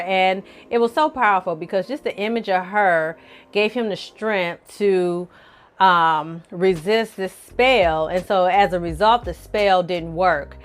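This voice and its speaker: A woman vlogger recapping a TV episode in casual, lively chat, calling her viewers y'all and honey. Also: mid-range voice. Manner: animated, colloquial, addresses viewers as y'all and honey. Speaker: film review vlogger.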